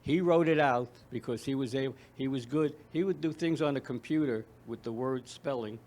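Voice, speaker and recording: Mellow-voiced man, halting guest. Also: medium pitch, slight background noise. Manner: halting, repeats words when speaking freely. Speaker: guest, foundation founder. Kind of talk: conversational interview, reading poetry aloud.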